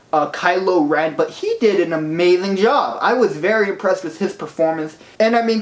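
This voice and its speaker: An excitable movie reviewer gushes through a casual video review in a mid-pitched voice and drops a swear here and there for emphasis. The voice bounces around a roomy, echoey space. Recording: roomy echo.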